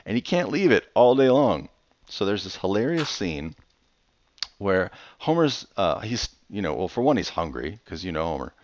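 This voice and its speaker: Young adult man, casual gameplay commentary, low and animated, dry dull home mic. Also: no echo. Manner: chatty, rambling storyteller with playful outbursts. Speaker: Minecraft let's player. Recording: dull, slightly lo-fi dry recording.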